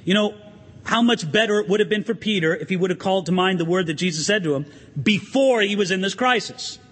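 A pastor preaching an animated sermon in a church, asking the congregation questions and swinging his emphasis up and down. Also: high-pitched, fast talker, big-room sound.

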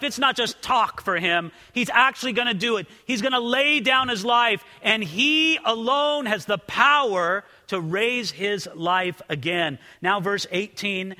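A man's voice: sits high, lively intonation, moderate pace, pushed and bright. A man preaching a sermon as pastor, earnest, often repeating words as he starts a sentence. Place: church sanctuary. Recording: long reverb of a large hall.

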